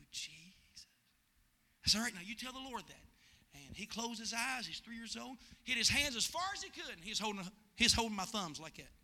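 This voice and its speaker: A male pastor preaching a sermon, swinging from loud shouting to hushed storytelling. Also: sits high.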